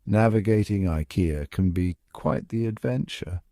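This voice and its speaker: A man giving scripted, upbeat narration as a pronunciation guide, coaxing the listener and slowing down to spell out each word. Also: lowish voice, warm tone, smooth, dry recording, clean studio sound.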